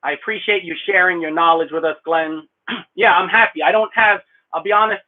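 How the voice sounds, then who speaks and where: A talkative middle-aged man rambles through a casual live stream, laughing often and thanking viewers. His voice sits a little high and sounds husky. The sound is thin and phone-like, from a small room. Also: brisk. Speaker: blacksmith streamer answering viewer questions.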